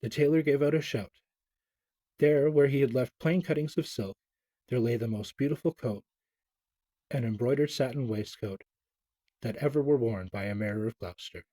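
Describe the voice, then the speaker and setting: Mellow guy reading a kids' story, gentle, dry recording. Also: medium pitch, moderate pace, pauses often, no room sound. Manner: gentle, expressive reading with small stumbles.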